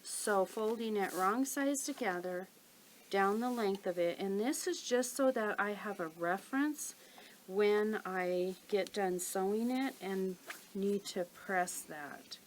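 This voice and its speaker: A woman calmly talking through a sewing tutorial step by step while she works. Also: medium pitch, slow, slight background noise, poor audio. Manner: calm, methodical, talks while working. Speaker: quilting instructor.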